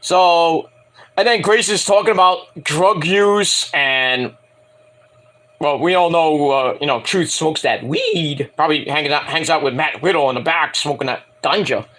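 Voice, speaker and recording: A man's voice: on the high side, measured pace, a bit bright. A man reviewing a wrestling show at home in a casual, rambling rant, profane and mocking, often acting out quotes.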